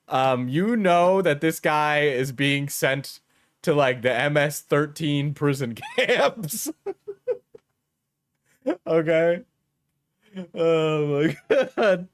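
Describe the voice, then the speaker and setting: A man's voice: a little high, no room sound, studio quality. A man hosting casual online commentary, rambling and mocking with crude jokes, constantly saying "like" and "right?". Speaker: commentary channel host.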